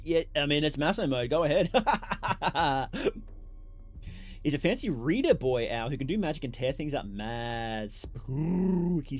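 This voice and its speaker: Lively, chatty male game streamer. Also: on the high side. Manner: chatty, reacts loudly with exclamations and laughs. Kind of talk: casual live game commentary.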